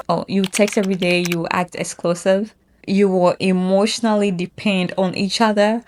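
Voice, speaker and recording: Female host with a lower voice, casual commentary, chatty and self-correcting. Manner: chatty, self-correcting, laughs at own phrasing.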